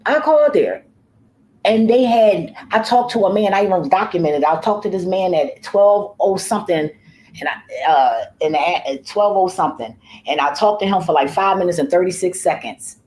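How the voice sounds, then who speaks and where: A woman's voice: fairly low pitch, expressive, moderate pace, a little mellow, poor audio. A woman who works as a home care worker, talking casually in a vlog. She tells her story in a profane, rambling way, often trailing off and starting over.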